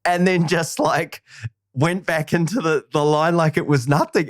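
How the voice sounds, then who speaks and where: A man's voice: a little high, expressive, unhurried, no echo, studio quality. A man hosting a podcast, telling rambling, slangy anecdotes in casual chat. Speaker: podcast host.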